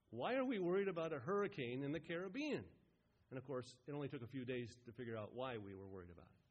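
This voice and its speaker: A man preaching a sermon as a pastor, swelling to loud emphatic peaks and dropping to quiet, slow phrases. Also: on the high side. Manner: rising and falling in emphasis, building to loud peaks.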